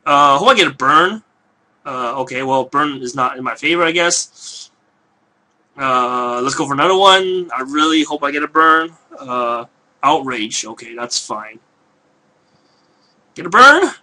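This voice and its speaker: A man giving casual live commentary on a video game he is playing, hoarse from losing his voice, talking in a rambling, hesitant way full of fillers and restarts. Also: mid-range voice, a little slow, bright, forceful tone.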